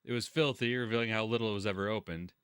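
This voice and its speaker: A man's voice: lowish voice, racing, fairly bright tone, clean tone, no echo. A man hosting a let's-play, reading game narration aloud and adding crude, sarcastic commentary.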